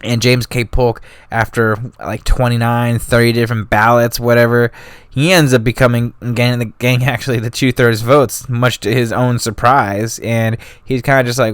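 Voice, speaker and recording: A man's voice: medium pitch, steady tone, normal speed, clean tone, no echo, studio quality. A man hosting a history podcast, telling it in loose, slangy, casual talk full of asides. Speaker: podcast host.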